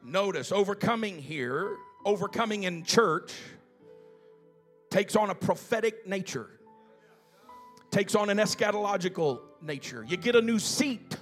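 Male preacher, high-pitched, slow deliberate scripture reading, swells to fervent loud exhortation, faint music underneath. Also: animated. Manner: reads scripture slowly with drawn-out emphasis. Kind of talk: sermon. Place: church sanctuary.

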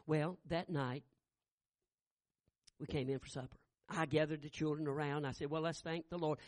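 A middle-aged man preaching a sermon, telling a family story and building to loud shouted peaks. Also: fairly high pitch, fairly even intonation, normal speed, no echo. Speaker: pastor.

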